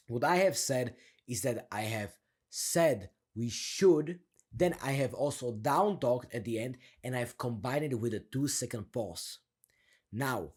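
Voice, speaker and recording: A young man coaching casually on sounding confident, energetic and slangy, laughing often and demonstrating a deep, down-turned delivery. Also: husky.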